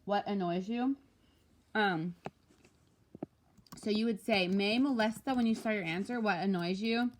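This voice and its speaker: A woman Spanish teacher walking through homework answers, explaining patiently and slowing down to pronounce each Spanish example. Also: mid-range voice, slight background noise. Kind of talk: recorded homework walkthrough.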